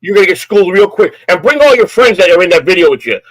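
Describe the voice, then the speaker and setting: A man's voice: high-pitched, animated, fast talker, no room sound, poor audio. Profane older man ranting. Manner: profane, threatening, repetitive. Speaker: live-stream host. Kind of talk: angry live-stream rant.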